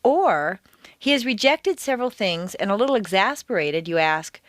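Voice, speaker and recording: Woman with lively, sweeping intonation. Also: medium pitch, dry recording. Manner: clear, deliberate teaching delivery with exaggerated stress in examples. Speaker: accent coach. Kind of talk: scripted audio lesson.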